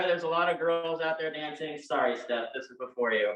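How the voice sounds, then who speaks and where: A man's voice: fairly high pitch, brisk, fairly bright tone. A man with a Texan accent teaching a live dance class, joking and telling folksy stories as he instructs. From Texas. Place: dance studio. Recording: roomy, distant, dull sound.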